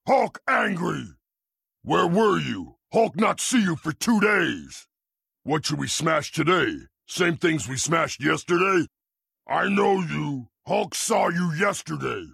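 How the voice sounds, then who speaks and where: Hulk, a gravelly roaring brute. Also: male voice, sits high, a bit bright, no echo, studio quality, heavily acted. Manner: blunt broken third-person speech. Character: huge green rage-filled male brute. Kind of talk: video game voice lines.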